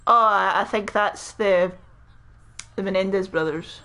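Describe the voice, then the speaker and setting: A woman's voice: mid-range voice, fairly even intonation, unhurried, fairly bright tone. A woman co-hosting a gameplay video, chatting casually and rambling through her explanations with lots of fillers. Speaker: gaming channel co-host. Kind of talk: casual chat during gameplay.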